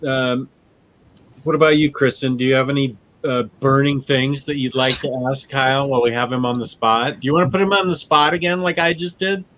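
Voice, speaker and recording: A male host runs a casual interview, putting his questions in a relaxed, easygoing way. His voice sits at an ordinary middle pitch. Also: a little fast.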